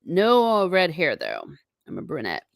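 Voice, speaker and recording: A woman's voice: low-pitched, huge pitch swings, unhurried, vocal fry, no room sound, clean studio sound. A woman hosting a live stream, chatting casually and reading viewer comments aloud with frequent laughs. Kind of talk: casual chat. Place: home.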